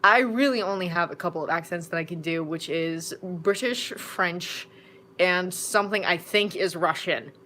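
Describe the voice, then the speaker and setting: An adult woman who reads fanfiction aloud, chatting casually from home in a live-stream Q&A. She rambles and jumps into sudden bursts of excitement. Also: on the low side, moderate pace, slight background noise. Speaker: fanfiction audiobook narrator and streamer.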